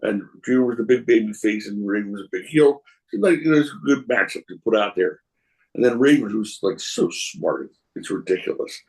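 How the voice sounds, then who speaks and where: A gravelly, lowish male voice speaks briskly over poor audio. The speaker, a wrestling promoter guesting on a podcast, tells casual anecdotes in a meandering way, restarting often and animatedly voicing the characters in his tales.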